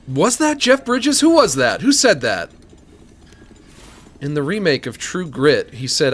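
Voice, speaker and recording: A man's voice: medium pitch, huge pitch swings, measured pace. A man streaming a game live, rambling to himself and his chat in a casual style and slipping into mock-angry rants.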